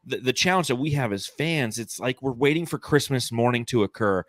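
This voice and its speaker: A man in his forties hosting a casual sports podcast, talking in an animated, rambling, enthusiastic way. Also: mid-range voice, brisk, no room sound. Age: 40s. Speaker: podcast host.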